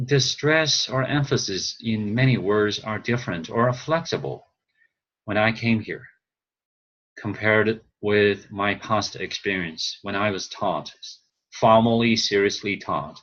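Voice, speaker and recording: A man whose first language is Chinese, teaching a class over a video call and explaining slowly with frequent pauses and fillers. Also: on the low side, fairly bright tone, muffled recording. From China. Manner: slow, hesitant, thinking aloud with fillers. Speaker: instructor.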